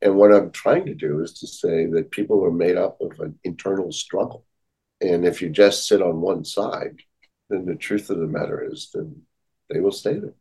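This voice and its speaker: Low, slightly husky male therapist guest; earnest, reflective, repeats key phrases. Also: steady tone, normal speed, mellow, low-quality recording. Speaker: therapist and author, podcast guest. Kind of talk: conversational interview.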